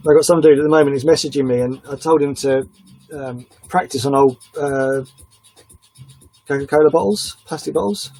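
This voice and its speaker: A man's voice: fairly high pitch, moderate pace, warm tone, faint music behind, poor audio. A man chatting casually on a live stream while he airbrushes, a rambling self-confessed oversharer.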